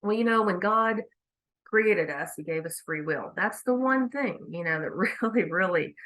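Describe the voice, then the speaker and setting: A woman's voice: medium pitch, expressive, moderate pace, a bit bright, rough recording. A woman speaking candidly to viewers, telling a personal story and reflecting on faith in a conversational way. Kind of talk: casual faith talk to viewers.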